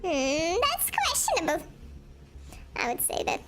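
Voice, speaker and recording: A woman streamer talking through a voice changer that turns her into a high, cutesy girl voice, giggly and teasing over her gameplay. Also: huge pitch swings, measured pace, exaggerated voice. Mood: playful. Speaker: game streamer. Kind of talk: casual gameplay chat. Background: game music.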